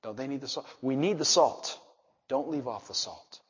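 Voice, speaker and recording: A man preaching a sermon with animated delivery, swinging from soft asides to loud emphasis, with a slightly husky voice. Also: mid-range voice, moderate pace. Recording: dull reverberant hall sound.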